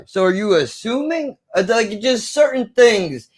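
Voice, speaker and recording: A man's voice: high voice, big pitch swings, measured pace, few pauses. A man co-hosting a casual film review, talking in an earnest, impassioned way and swearing for emphasis.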